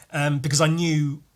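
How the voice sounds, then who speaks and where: A young man giving rambling, self-deprecating voice-over commentary on his own painting, swearing casually and trailing off quietly at the ends of thoughts. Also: a little high, gravelly. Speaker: artist narrating his painting process.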